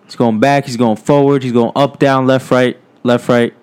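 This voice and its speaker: A man's voice: medium pitch, little pitch movement, normal speed, darkish tone, clear, resonant tone. A man co-hosting, telling an improvised comedy story in a casual, cursing way, often asking "right?".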